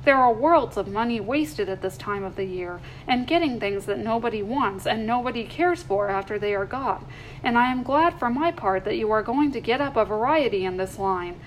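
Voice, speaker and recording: A woman's voice: on the high side, lively intonation, normal speed, slight background noise, natural voice, low-quality recording. A woman voicing a saucy young man who teases his cousin playfully. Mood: teasing. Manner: teasing, bouncy.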